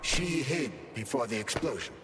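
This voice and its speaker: A man's voice: mid-range voice, animated, moderate pace, noisy background, lightly acted. An actor voicing a polite, formal male AI glove companion in a video game, precise and insistent. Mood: calm. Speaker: game character. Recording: game music playing underneath.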